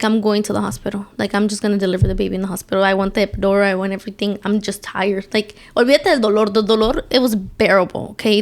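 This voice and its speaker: Woman guest chatting in mixed English and Spanish. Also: medium pitch. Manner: mixes Spanish words into English, tells her birth story. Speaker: podcast guest. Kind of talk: casual chat.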